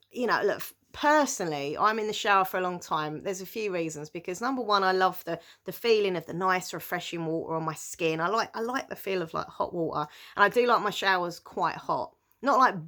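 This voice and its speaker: Giggling a lot and filling her speech with fillers, a young British woman answers viewers' questions in a relaxed to-camera chat. She has a British English accent and a lowish, slightly bright voice.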